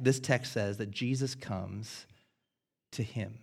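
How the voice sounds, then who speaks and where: An American man in his thirties preaching a sermon, earnest and self-deprecating, swinging between loud and hushed. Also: fairly low pitch, slow pace, creaky, breathy edge. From United States. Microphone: headset.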